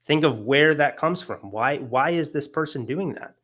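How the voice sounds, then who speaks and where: A man's voice: fairly high pitch, moderate pace, fairly bright tone. A young man giving a casual philosophy lecture, earnest and emotional, with many fillers and restarts.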